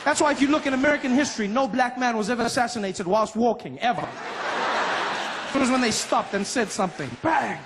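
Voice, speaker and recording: Animated man with a high voice. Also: fast talker, background noise. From South Africa. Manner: animated, acts out voices and laughs. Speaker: stand-up comedian. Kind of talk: stand-up comedy routine.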